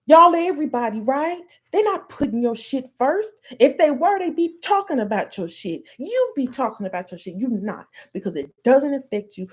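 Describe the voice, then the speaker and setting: Woman podcast host from the US, higher-pitched, ranting alone, fiery and foul-mouthed. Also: sing-song, normal speed, hardly any pauses. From United States. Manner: heated, profane and emphatic. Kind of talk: solo monologue rant.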